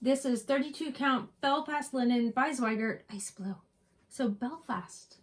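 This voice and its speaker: A woman's voice: sits high, a little slow. A middle-aged woman from West Virginia co-hosting a cross-stitch vlog, chatting and telling rambling stories. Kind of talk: casual chat.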